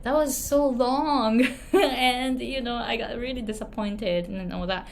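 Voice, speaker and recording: Slow-speaking woman with a Japanese accent. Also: on the high side, fairly even intonation, vocal fry, slight background noise. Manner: chatty, laughs often, many fillers and tag questions. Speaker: online business and pronunciation coach. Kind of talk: casual storytelling advice to camera.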